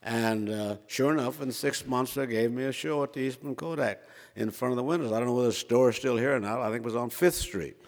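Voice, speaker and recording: A man's voice: mid-range voice, fast talker. An older man from Minnesota telling a self-mocking personal story, chatty with frequent fillers. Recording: reverberant hall.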